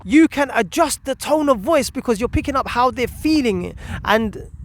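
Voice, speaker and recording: A man's voice: very high-pitched, lively intonation, normal speed. A man hosting a parenting channel, giving earnest advice straight to the listener, with some restarts and fillers. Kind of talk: advice talk to camera.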